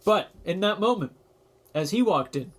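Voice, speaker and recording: A man's voice: high voice, animated, moderate pace. A young man co-hosting a podcast, telling a rambling, self-deprecating story in casual chat. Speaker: podcast co-host.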